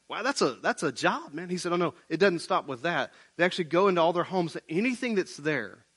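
A man preaching a sermon as pastor, conversational and animated, often saying "man, listen.". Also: a little high. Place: church building, online service.

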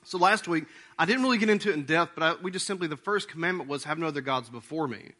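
In a church sanctuary before his congregation, a male pastor delivers a conversational sermon, frequently checking in with questions. His voice is on the high side, fast, pushed, and bright.

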